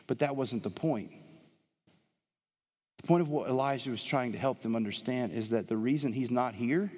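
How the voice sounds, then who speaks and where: A man preaching a sermon as pastor, animated, swinging between soft and loud emphasis, in a church with a live audience. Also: medium pitch. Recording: long hall reverb.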